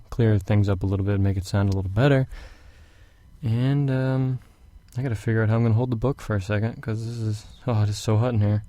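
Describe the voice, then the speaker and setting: In a hot room at home, a young man with a lowish voice is recording an audiobook of a fantasy novel. He rambles casually for a bit before settling into a steady reading, and the recording is dry.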